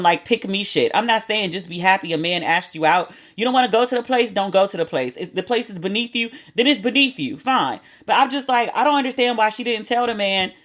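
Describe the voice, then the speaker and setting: A woman's voice: mid-range voice, fairly bright tone. A woman hosting a podcast, telling stories in a casual, candid monologue with slang and the odd curse word. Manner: candid, chatty, with slang and cursing. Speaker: podcast host.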